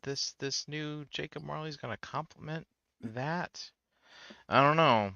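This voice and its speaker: A man's voice: a little high, measured pace, creaky, sharp tone, dry recording, dull audio. A man hosting a casual chat about collectibles, rambling and swearing casually as he talks. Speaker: host. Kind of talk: casual chat while collecting and sorting figures.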